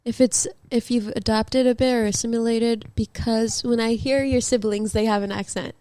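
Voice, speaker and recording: A woman from the Toronto suburbs, chiming into a casual podcast chat with quick, upbeat reactions. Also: fairly high pitch, steady tone, warm tone, dry recording. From Richmond Hill, Ontario.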